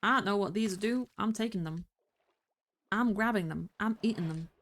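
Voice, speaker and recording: A woman streamer rambling through casual gameplay commentary, talking to herself with bursts of excited exclamations. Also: medium pitch, normal speed. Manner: chatty, rambling self-talk with excited exclamations. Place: home streaming setup.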